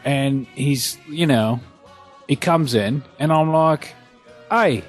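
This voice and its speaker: A man playing a blustering, bloodthirsty male dictator in a mock Cockney accent, loud, eager and cartoonish. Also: medium pitch, slow pace, soft background music, lightly acted.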